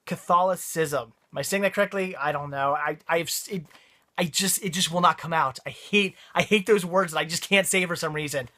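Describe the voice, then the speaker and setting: Excited bright-voiced young man vlogging. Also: fairly high pitch, a little fast. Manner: excited, rambling, frequent laughs and restarts. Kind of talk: casual unboxing chat.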